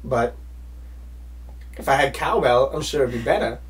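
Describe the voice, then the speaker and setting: A man hosting a relaxed, jokey chat, his voice a little stuffy from a cold. He sits some way back from the mic, so he sounds distant in the room. He talks at a middling pitch. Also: normal speed. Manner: jokey, gives playful coaching. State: has a cold. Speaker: show host. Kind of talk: casual comedic chat.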